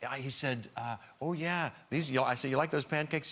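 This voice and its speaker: A man as a chat show guest, telling a story in halting, self-correcting bits. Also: medium pitch, a bit bright.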